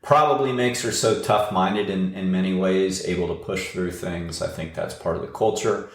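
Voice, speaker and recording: A man's voice: sits low, normal speed, reverberant. A man hosting a podcast and interviewing a guest in a chatty, rambling way, with plenty of uhs. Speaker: podcast host and running coach.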